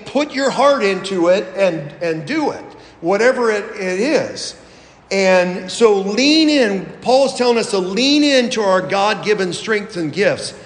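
High-voiced pastor preaching in an echoey hall. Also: male voice. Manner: folksy, digressive, with fillers and chuckles. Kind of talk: sermon. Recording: echoey hall with long reverb.

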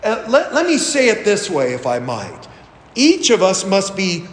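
A man's voice: sits high, huge pitch swings, unhurried. A middle-aged male pastor preaching a sermon in a folksy, rambling way, with fillers and small chuckles. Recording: echoey hall with long reverb.

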